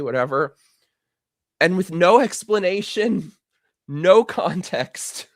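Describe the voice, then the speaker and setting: A man's voice: fairly high pitch, takes it slowly, fairly bright tone, no echo, studio quality. A young man hosting a casual livestream, telling a story and breaking into giggly laughter. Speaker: show host.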